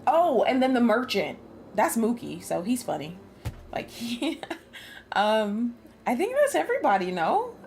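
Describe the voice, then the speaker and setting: A woman's voice: on the high side, big pitch swings, a little slow, creaky, darkish tone, slight background noise. A woman streaming a game, chatting casually with frequent laughs and free swearing. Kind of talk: casual gameplay commentary.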